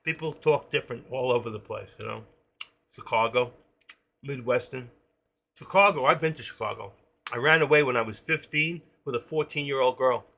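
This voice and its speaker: A man's voice: medium pitch, gravelly, pushed and bright. A middle-aged man, talking through his trades on a live stream. He thinks aloud and rambles, joking as he goes. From New York. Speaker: day-trading live streamer.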